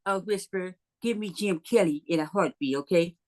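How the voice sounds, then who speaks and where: A woman poet at an online open mic, bantering in a lively, expressive way. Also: fairly low pitch, normal speed.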